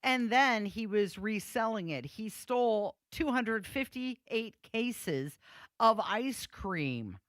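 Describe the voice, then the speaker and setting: A woman's voice: on the high side, expressive, takes it slowly, a bit bright, no echo. A woman radio co-host chatting casually and amused about news stories. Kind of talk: casual talk radio chat. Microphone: studio microphone.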